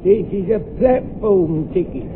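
An actor playing a gruff, suspicious working-class male ticket collector in a radio comedy, blunt and nagging, on a tinny old broadcast. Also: high voice, lively intonation, a little slow, background noise.

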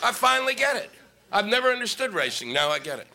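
Middle-aged guy ranting on stage, high voice swinging all over, noisy live room. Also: sing-song, quick pace, pushed and bright. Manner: profane, ranting, exasperated. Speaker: stand-up comedian. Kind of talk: stand-up comedy set. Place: stage before an audience.

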